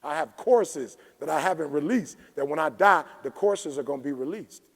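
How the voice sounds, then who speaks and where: A man giving a fiery motivational keynote at a conference, preachy and emphatic, pushing toward shouted peaks. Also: on the high side, moderate pace, gravelly. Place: large conference hall. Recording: reverberant conference hall.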